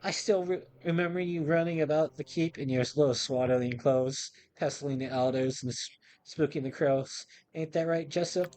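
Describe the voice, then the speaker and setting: A man's voice: on the high side, moderate pace, darkish tone, close to an everyday voice. A man voicing a chatty old male servant in a game, reading his lines in a folksy, rambling way. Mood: teasing.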